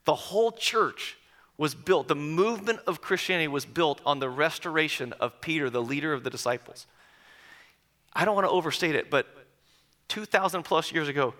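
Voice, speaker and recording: A male pastor preaching a sermon, telling the story with hushed drops and rising emphasis. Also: a little high. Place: church.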